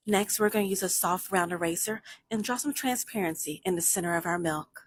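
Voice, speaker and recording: A woman hosting a drawing tutorial and reading a storybook aloud, calm and instructive. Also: on the low side, brisk, few pauses, no echo.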